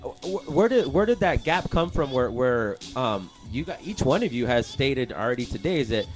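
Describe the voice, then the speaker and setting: A man's voice: medium pitch, sing-song, normal speed. Slangy male radio interviewer over music. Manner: slangy, rambling questions with many "you know what I'm saying". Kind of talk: casual street interview.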